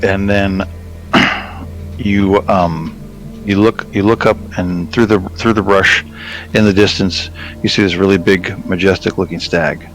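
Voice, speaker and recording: A man with a very low voice runs a tabletop game, narrating scenes in a casual, halting way. Faint music plays behind him. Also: fairly even intonation, fairly bright tone, poor audio. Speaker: game master.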